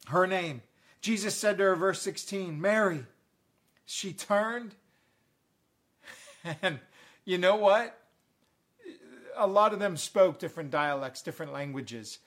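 A man's voice: a little high, a bit bright. A man preaching an online sermon, making earnest, repetitive, heartfelt appeals to his listeners.

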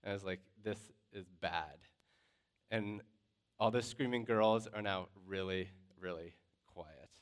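Man with a smooth, resonant voice. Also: on the low side, normal speed. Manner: lively storyteller, loose and conversational with many fillers. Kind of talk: personal story told to a class.

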